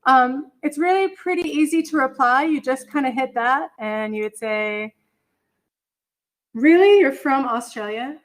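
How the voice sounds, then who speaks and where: A woman's voice: high-pitched, moderate pace, hardly any pauses, a bit bright. A middle-aged woman teaching an online college English class over a computer mic, chatty and apologetic, humming to herself as she hunts for files. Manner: chatty, apologetic, hums while searching. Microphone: computer mic on a video call.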